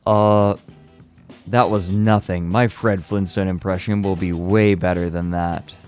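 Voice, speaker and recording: A man's voice: deep voice, fairly even intonation, unhurried, darkish tone, soft background music. A man streaming a game, chatting casually with hesitations and jokes. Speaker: streamer playing along. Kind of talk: casual chat.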